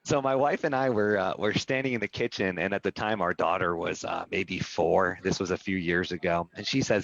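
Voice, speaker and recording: A man's voice: deep voice, steady tone, brisk, vocal fry, few pauses, a bit bright, dry recording. Earnest guy on a video call telling his story, keeps saying right?, dull dry lo-fi sound. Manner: earnest, personal, repeats "right?". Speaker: real estate brokerage executive, guest.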